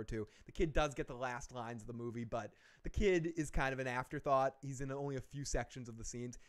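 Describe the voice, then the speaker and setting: Hosting a movie review live stream, a man with a smooth, mid-range voice gives a casual, rambling plot recap. He's animated, keeps correcting himself, swears, and laughs at his own jokes.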